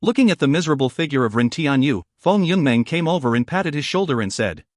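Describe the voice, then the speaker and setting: A man narrating a fantasy audiobook in a steady storytelling way, recorded on a close mic in a studio. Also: fairly high pitch, quick pace, dry recording.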